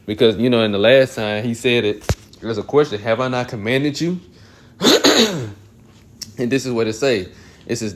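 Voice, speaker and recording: Man reading scripture with throat-clearing. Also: lowish voice. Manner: clears throat often, restarts phrases. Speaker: Bible teacher.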